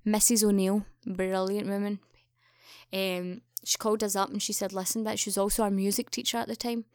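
A young woman tells a story in a lively, animated way, jumping into other people's voices for the quoted lines. Her voice sits at an ordinary middle pitch. The sound is dry and close, with hardly any room behind it. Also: fairly quick, no echo. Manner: animated, acts out quoted dialogue with raised pitch. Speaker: podcast guest. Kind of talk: casual storytelling chat.

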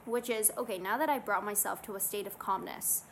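Earnest woman coaching calm steps. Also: mid-range voice, a little fast, vocal fry, a little hiss or hum, low-quality recording. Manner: soothing, earnest, guiding through steps. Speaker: self-help vlogger. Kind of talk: casual motivational talk to camera.

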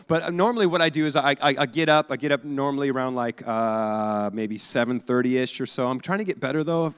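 A man's voice: mid-range voice, clear, resonant tone. A man in his forties preaching a conversational sermon, telling personal stories in a casual, self-deprecating way with many fillers and restarts. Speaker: pastor. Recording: long hall reverb.

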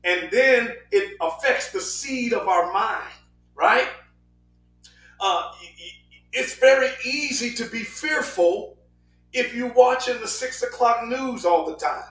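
A man preaches with a high, ringing voice and animated delivery, breaking into sudden shouts and rushing through quick asides. He sounds a little off-mic, and the room echoes around him. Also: distant mic. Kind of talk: sermon.

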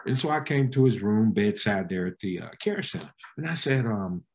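Pastor guy getting preachy in an interview, low voice that swoops up and down a lot. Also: expressive, normal speed, a little mellow. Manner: emphatic, preacherly, with wide pitch swings. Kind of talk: conversational interview answer.

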